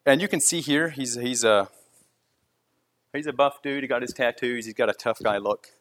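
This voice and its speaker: At normal speed, a medium-pitched, slightly bright voice belongs to a concrete crew leader telling a story. He talks in a rambling, casual yet earnest way, often restarting what he's saying.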